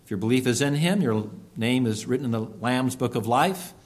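A man's voice: mid-range voice, expressive. Man preaching an earnest sermon. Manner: earnest, emphatic preaching with slowed stresses. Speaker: pastor.

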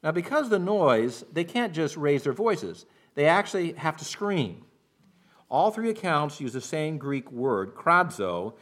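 A man preaching a sermon as pastor, walking through scripture and now and then acting out the shouting of the people in the story. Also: on the high side, big pitch swings, a little slow. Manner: expository preaching, acts out shouted quotes.

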